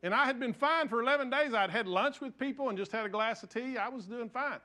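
An older man preaching a sermon, telling stories with self-deprecating humor and swinging from loud emphasis to soft, hushed lines. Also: very high-pitched, fast talker. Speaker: pastor.

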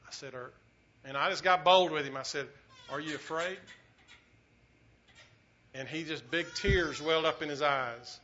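A man preaching a sermon as pastor, telling a story earnestly, swelling loud and dropping quiet. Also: fairly high pitch, unhurried, slight background noise. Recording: dull lo-fi recording.

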